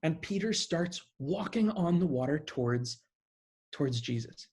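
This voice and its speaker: A man preaching a sermon in a conversational, animated way, often restarting his phrases. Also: a little high, measured pace, breathy edge.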